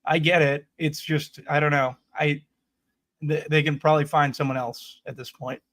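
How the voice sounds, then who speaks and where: A man's voice: fairly high pitch, level tone, moderate pace, fairly bright tone, no room sound. A man guest on a sports stream, chatting casually and teasing the host, often hesitating and trailing off mid-sentence. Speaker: guest analyst.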